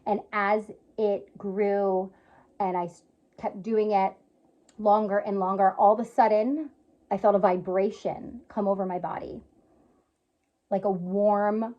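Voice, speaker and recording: A woman's voice: mid-range voice, darkish tone. A young woman earnestly telling a personal story in casual vlog style, emotional and full of fillers. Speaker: yoga teacher and spiritual healer sharing a personal story. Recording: slightly dull lo-fi sound.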